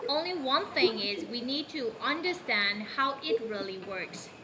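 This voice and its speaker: Burmese-accented woman teacher, high animated voice, muffled call audio with background noise, coaxing tone. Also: measured pace. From Myanmar. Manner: encouraging, coaxing. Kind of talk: online English class.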